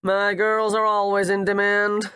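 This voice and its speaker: A man voicing a gruff, blunt, wealthy older father with a growling voice. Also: high voice, completely flat delivery, a little slow, bright, forceful tone, dry recording, studio quality, voice pushed up.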